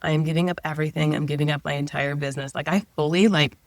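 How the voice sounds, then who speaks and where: A woman's voice: low voice, fairly even intonation, rapid-fire, dry recording. A middle-aged woman, a guest, telling a personal story in a casual, chatty way, often saying 'like' and voicing her own past thoughts aloud.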